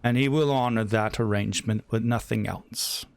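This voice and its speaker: A man voicing a grim, haughty ancient djinni lord who speaks slowly and with scorn. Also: on the low side, steady tone, creaky, no room sound. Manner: slow, scornful and lordly.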